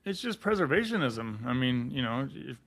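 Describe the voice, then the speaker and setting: A man's voice: medium pitch, big pitch swings, normal speed, a bit bright. A man co-hosting a casual podcast, rambling and hesitant with many restarts. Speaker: podcast co-host. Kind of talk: casual political podcast chat.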